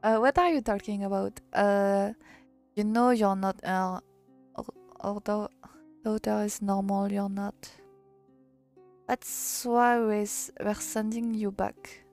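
A woman's voice: mid-range voice, fairly even intonation, slow pace, darkish tone, faint music behind. A woman with a French accent reading the part of a cold, fed-up middle-aged father in a game, speaking bluntly and dismissively.

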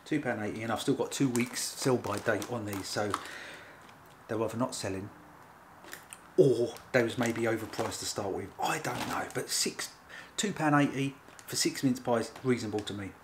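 A man hosts a casual food-review video from his home kitchen, with a voice sitting in an ordinary middle pitch. He rambles along in a chatty, playful way, with faint room ambience behind him. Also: normal speed, background noise. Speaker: food reviewer, channel host. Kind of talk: casual vlog chat.

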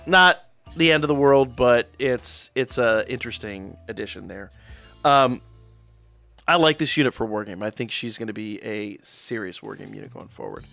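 A man's voice: medium pitch, animated, moderate pace, creaky, bright, forceful tone, soft background music. A man casually reviewing mobile game units, reading out stats and correcting himself as he goes. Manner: chatty, self-correcting, reads stats aloud. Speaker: gaming YouTuber.

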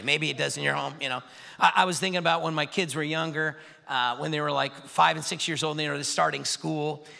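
A male pastor preaching a sermon in a church, animated and acting out the voices of the people he describes. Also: on the high side, vocal fry, long reverb tail. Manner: animated, acts out voices and quotes. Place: large church sanctuary.

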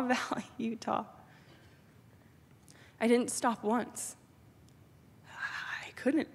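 A woman from New York giving a devotional address in a large theater, telling her story with emotion and swinging from loud pleading to hushed whispers. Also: sits high. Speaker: public speaker. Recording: long hall reverb.

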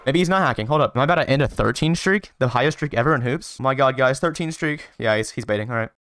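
A man giving casual gameplay commentary, trash-talking playfully with quick excited outbursts. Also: mid-range voice, smooth, dry recording, clean studio sound. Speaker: gaming video creator.

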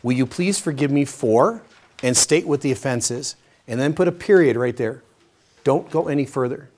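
A middle-aged man teaching a Bible study session, telling stories with lively energy and swinging from loud, emphatic lines to hushed ones. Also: medium pitch, moderate pace.

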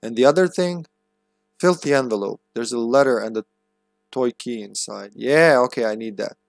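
A man's voice: medium pitch, moderate pace, vocal fry, no echo. Man chatting over gameplay, dry sound. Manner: musing, chuckling, reads game notes aloud. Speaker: game streamer. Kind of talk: casual gameplay commentary.

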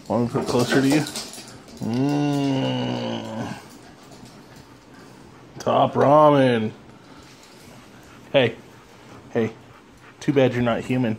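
A man's voice: medium pitch, fairly even intonation, takes it slowly, gravelly, pauses often, a little hiss or hum. A man vlogging at home who talks to his dog in a teasing, playful, coaxing way. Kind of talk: casual talk to a pet. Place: home room with dogs around.

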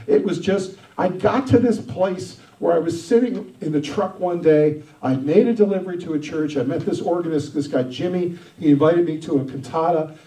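Pastor, male, mellow voice, roomy sound from a distance, emphatic testimony. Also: fairly high pitch, normal speed, few pauses. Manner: emphatic storytelling, swings loud and soft. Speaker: senior pastor. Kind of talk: sermon testimony.

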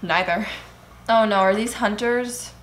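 A young woman hosting a reaction video, chattering excitedly and gasping at what she watches. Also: mid-range voice, unhurried. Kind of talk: casual reaction commentary.

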